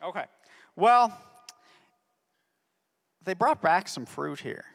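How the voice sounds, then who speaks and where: A man's voice: high voice, expressive, takes it slowly, creaky, fairly bright tone. A man telling a Bible story to children as a ministry teacher, constantly checking in with "okay?". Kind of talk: Bible story lesson for kids. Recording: long reverb of a hall.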